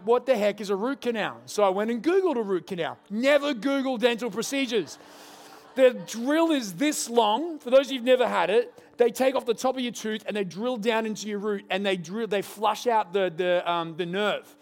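A young adult man, a pastor preaching a sermon and telling a story with humorous asides. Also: high-pitched.

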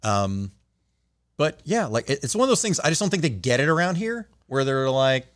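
A man's voice: medium pitch, big pitch swings, moderate pace. A man from New Jersey chatting casually, rambling and hesitant with many fillers. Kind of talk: casual chat.

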